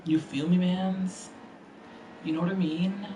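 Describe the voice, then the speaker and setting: A man's voice: sits high, little pitch movement, measured pace, mellow, slight background noise, poor audio. Slangy, profane male game streamer. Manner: profane, slangy trash talk. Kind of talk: casual gaming commentary.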